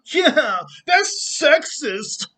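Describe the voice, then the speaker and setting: A man putting on the voice of a whiny, mocking male online critic, high and drawn out. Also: sing-song, drawn-out words, bright, forceful tone, exaggerated voice. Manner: whining, sing-song, drawn out.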